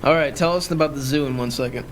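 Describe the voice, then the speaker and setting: A man's voice: medium pitch, fast talker, slight background noise. A man hosting a podcast in casual chat, joking and teasing and laughing often. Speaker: podcast host.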